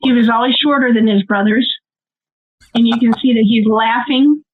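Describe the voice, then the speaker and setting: A middle-aged woman with a Midwestern American accent tells her story with animated, emotional energy, her voice sitting a little high for a woman. The sound comes through thin and tinny, like a phone line. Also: moderate pace. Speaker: nonprofit co-founder; guest. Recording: tinny phone-like call audio.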